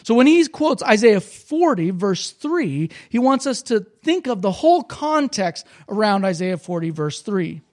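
A man's voice: high-pitched, very animated, a little slow, few pauses. A pastor preaching a sermon at a church service, explaining in a conversational way and repeating his points for emphasis.

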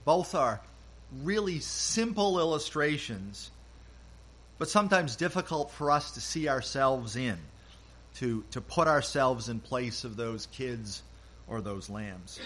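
An older man delivering a sermon, taking his time over each phrase. He speaks gently and acts out short quotes in a softer voice. His pitch sits in a mid range. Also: lively intonation, slow. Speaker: pastor.

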